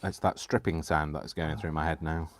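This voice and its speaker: A man's voice: a bass voice, steady tone, moderate pace, slight background noise. A man hosting a live craft stream, chatting casually and self-deprecatingly while he works. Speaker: craft livestream host.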